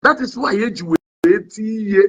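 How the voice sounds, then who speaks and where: A young man with a Nigerian Igbo accent, talking to a livestream audience in a casual monologue. He switches between languages, keeps asking "you understand?", and his pitch swings a lot as he talks. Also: a little slow, a bit bright. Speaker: online commentator. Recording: dull lo-fi sound.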